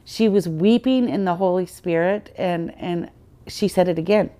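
A woman's voice: on the low side, normal speed, dark tone. A woman guest on a podcast, earnestly telling her personal faith story in conversation and acting out the dialogue she quotes.

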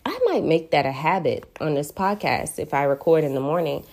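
A woman with a notably low voice and a lilt hosts a casual solo podcast. She talks in an earnest, reflective way and draws out the words she wants to stress. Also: darkish tone. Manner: earnest, reflective, drawn-out emphasis on key words. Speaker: podcast host.

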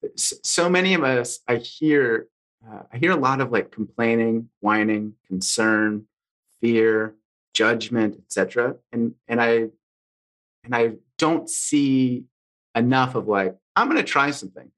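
A man's voice: mid-range voice, slow, a bit bright, low-quality recording. A man hosting a podcast, who talks in a rambling, hesitant way with many fillers during a casual interview. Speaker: podcast host.

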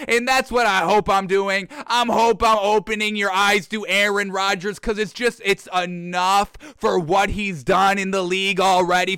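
A man hosting sports talk, ranting in a mocking, animated way and repeating himself for effect. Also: high voice, clean tone, dry recording, studio quality.

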